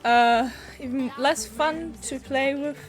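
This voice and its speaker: A woman's voice: high-pitched, fairly even intonation, takes it slowly, faint music behind. A woman streaming a game who chats and rambles to her viewers while fighting a cold. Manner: chatty and rambling, talks to chat. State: sniffly, getting a cold. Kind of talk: casual livestream commentary.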